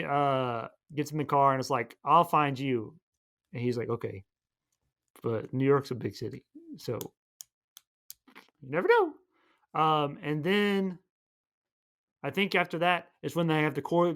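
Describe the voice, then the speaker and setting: A male podcast host casually retells a movie plot, rambling and playful, tossing in quick voices for each character. His voice is fairly high-pitched and smooth.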